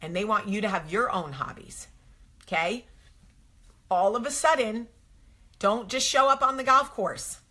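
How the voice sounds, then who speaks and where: Woman vlog host, thirties, bright tone, emphatic, repeats herself, acts out quotes. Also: medium pitch, measured pace, long pauses. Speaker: vlog host giving marriage advice. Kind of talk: casual to-camera advice talk.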